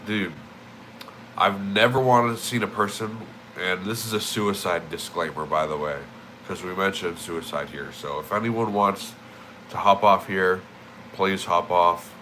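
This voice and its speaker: A young man with a very low, yet bright and forceful voice rants on a livestream, swearing and repeating words for emphasis. He has just woken up and rambles loosely, with a faint hum of air conditioning behind him. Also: unhurried, low-quality recording. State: just woke up. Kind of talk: casual streaming rant.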